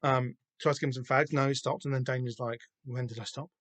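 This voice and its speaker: A man's voice: mid-range voice, steady tone, quick pace, a bit bright, dry recording. Southern english guy on a podcast, gushing and swearing a lot, um-ing all over, dry close sound. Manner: enthusiastic, swears freely, rambling with many fillers. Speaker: podcast host. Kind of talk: casual comic book discussion.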